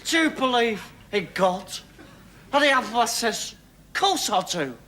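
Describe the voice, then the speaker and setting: A crude cockney punk rattles off dirty gags in a sketch show, his voice high and swooping with a slow, leering drawl. He cackles brashly between jokes. The old TV recording carries a clear hiss. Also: big pitch swings, bright, forceful tone, exaggerated voice. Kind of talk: sketch comedy monologue.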